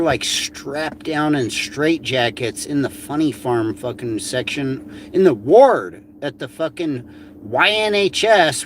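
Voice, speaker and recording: A man's voice: fairly high pitch, a little hiss or hum. Sneering, foul-mouthed ranting man. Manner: crude, sneering, heavy swearing. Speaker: ranting vlogger. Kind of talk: profane mocking rant.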